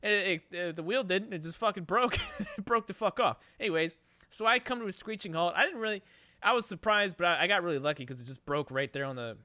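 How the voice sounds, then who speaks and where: A man tells a story on his podcast in a loose, profanity-heavy, rambling way. His voice sits a bit high and sounds bright and clean. It is recorded dry and close on the mic. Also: quick pace, dry recording. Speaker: podcast host. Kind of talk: casual storytelling chat.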